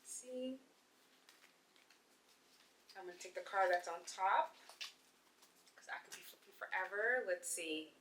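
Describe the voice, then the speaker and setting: A young adult woman hosting a yoga channel, chatting gently and casually to camera as she pulls oracle cards, sometimes getting excited. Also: medium pitch, slow, pauses often, background noise. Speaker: yoga teacher and channel host.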